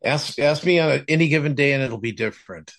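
A podcast co-host chats casually with a medium-pitched, slightly bright voice at a quick pace. He rambles with many fillers and restarts.

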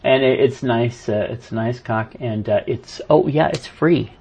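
A man's voice: medium pitch, measured pace, creaky, a little mellow, slightly rough. A man co-hosting a casual podcast, joking and teasing his co-host. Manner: playful, teasing, mock voices. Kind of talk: casual banter.

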